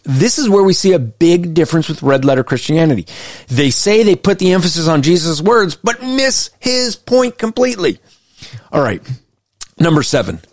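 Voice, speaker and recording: A man's voice: a little high, no room sound, studio quality. Emphatic man arguing a point. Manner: emphatic and argumentative, slows down to read quotes aloud. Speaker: Christian commentator. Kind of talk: critical commentary on a list of values.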